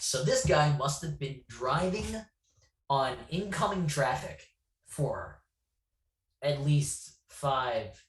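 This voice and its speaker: Podcast guest, male, self-deprecating storyteller, roomy off-mic sound. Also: fairly high pitch. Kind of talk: casual storytelling chat. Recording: echoey room, distant from mic.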